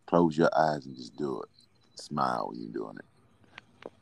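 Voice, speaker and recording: A man's voice: rumbling low, unhurried, vocal fry, slight background noise. A man hosting a casual live stream, loose and laughing as he coaxes callers to perform.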